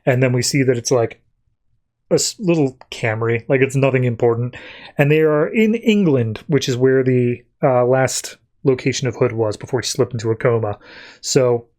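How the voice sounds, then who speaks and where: A man's voice: mid-range voice, moderate pace, darkish tone. A man hosting a podcast, recapping a comic in a loose, rambling way with many fillers and restarts. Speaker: podcast host. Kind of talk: casual comic-book recap.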